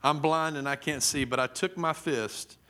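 A man's voice: on the high side, moderate pace, pushed and bright. A middle-aged man, a preacher telling a story in a sermon, acting out the voices vividly. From Texas. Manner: vivid, dramatic storytelling with acted-out quotes.

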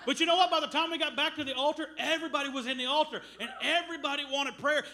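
A middle-aged man preaching a sermon as a missionary, telling stories with loud bursts. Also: extremely high pitch, fast talker, few pauses. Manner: animated storytelling with loud bursts.

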